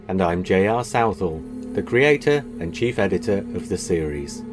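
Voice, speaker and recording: A man hosting a podcast, reading a scripted introduction and then chatting with a co-host in a measured, reflective way. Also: low voice, animated, music in the background. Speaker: podcast host and series editor.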